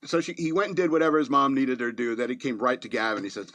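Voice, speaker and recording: A man's voice: medium pitch, steady tone, fast talker, few pauses, fairly bright tone. Rambling middle-aged male podcast host. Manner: rambling, chuckling, many fillers. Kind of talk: casual storytelling monologue.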